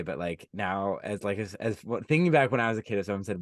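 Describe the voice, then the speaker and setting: Podcast co-host, male, deep and dry, chatty film recap with quoted lines. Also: fast talker, hardly any pauses, no echo. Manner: animated retelling, quoting lines in voices. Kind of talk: casual chat recapping a film.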